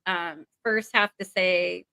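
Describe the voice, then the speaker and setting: A woman's voice: lowish voice, steady tone, slow, creaky, sharp tone, no echo. A middle-aged woman talking as an interview guest over a video call, rambling and emotional with many fillers.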